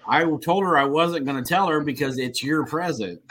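A man's voice: on the high side, moderate pace, background noise. A man co-hosting a casual podcast, talking in a sarcastic, profane, joking way. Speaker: podcast co-host. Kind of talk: casual banter.

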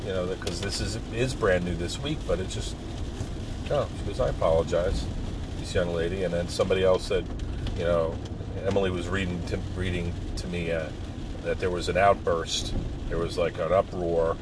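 A middle-aged man talking in a casual, rambling monologue, profane and given to sudden loud outbursts. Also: sits low, fairly even intonation, normal speed. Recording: loud road noise behind.

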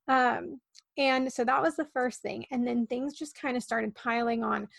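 Podcast guest: young woman, high voice with vocal fry, earnest, talks in quick tumbling bursts. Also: fairly bright tone, no room sound. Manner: tumbling, earnest, many likes and ums. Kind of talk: casual storytelling on a podcast.

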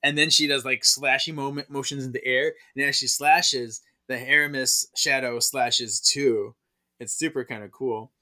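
A man's voice: mid-range voice, steady tone, normal speed, sharp tone. Giggly man recapping a comic. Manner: giggly, laughs often while narrating. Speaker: podcast co-host. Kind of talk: casual chat, recapping a comic.

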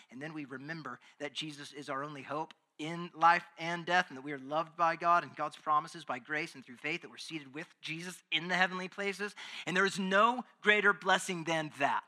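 A male pastor preaching a sermon with emphasis, swinging between hushed passages and loud, fervent ones. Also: a little high.

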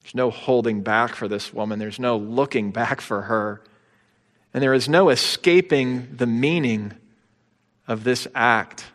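A man pastor preaching a sermon, swinging between hushed, slow passages and emphatic, rising ones. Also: medium pitch, big-room sound. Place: church sanctuary.

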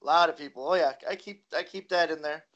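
Man, high voice, animated storyteller, laughs easily, podcast guest. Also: fast talker, lo-fi sound. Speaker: guest wrestler. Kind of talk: casual storytelling.

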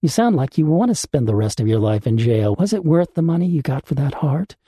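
A man voicing a tough female police detective in a storybook reading, clipped and tense, with a mellow voice. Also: on the high side, big pitch swings, fairly quick, breathy edge, no room sound, studio quality.

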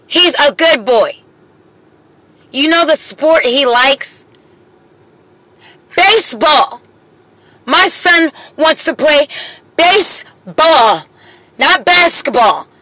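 A single mother, nearly in tears at points, pleads to camera in an impassioned, swear-filled emotional monologue with slow, deliberate emphasis. The high voice has lively intonation and a sharp tone, recorded roughly with no room sound.

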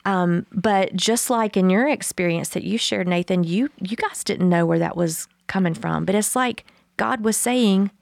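A woman's voice: medium pitch, normal speed, vocal fry, no echo, clean studio sound. A woman co-hosting a podcast, telling a story in casual chat and acting out the quotes with laughter. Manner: animated storyteller, acts out quotes, laughs often. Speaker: podcast co-host.

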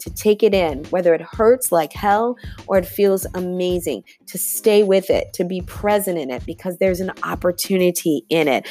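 Woman, motivational podcast host, emphatic, animated, faint background music. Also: on the low side. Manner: emphatic, addresses listeners as y'all, animated. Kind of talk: motivational monologue.

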